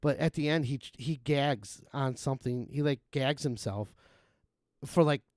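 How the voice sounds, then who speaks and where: A man's voice: mid-range voice, unhurried, a little mellow, dry recording, studio quality. A man streaming a game, chatting casually in a rambling, profane way and chuckling often. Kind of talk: casual gaming-stream chat.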